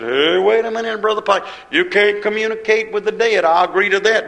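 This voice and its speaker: A man preaching a sermon in a rhythmic, repetitive style, swinging between loud emphasis and quiet asides. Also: sits high, brisk, gravelly, few pauses, low-quality recording.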